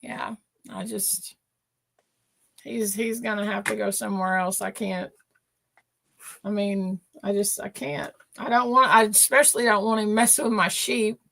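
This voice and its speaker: Gravelly woman telling a story. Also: medium pitch, fairly even intonation, a little slow, fairly bright tone. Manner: rambling, emotional storytelling with many restarts. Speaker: podcast co-host. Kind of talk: casual chat.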